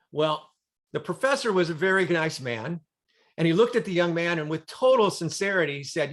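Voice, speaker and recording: A man's voice: a little high, animated, moderate pace, a bit bright. A man giving a motivational talk on a group call, telling a story with dramatic, emphatic repetition. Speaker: motivational speaker. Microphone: video call.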